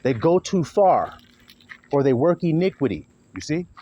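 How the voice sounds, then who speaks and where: A man's voice: fairly high pitch, sing-song, a little slow, warm tone, lo-fi sound. A man preaching an informal sermon, blunt and profane, acting out quarrels in other voices.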